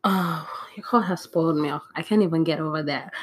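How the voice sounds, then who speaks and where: A woman speaking in a slightly low voice on her solo talk show, drifting and restarting with plenty of fillers. She sounds flustered and worked up as she gives her opinion. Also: brisk, few pauses, slight background noise. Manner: rambling, self-interrupting with fillers and laughs. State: flustered and overheated. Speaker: podcast host. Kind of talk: casual solo commentary.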